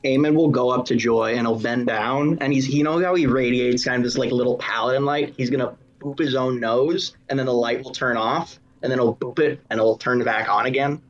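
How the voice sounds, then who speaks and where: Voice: mid-range voice, steady tone, a little fast, few pauses, dull audio. A player in a tabletop game, playfully describing their character's actions. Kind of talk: tabletop role-play.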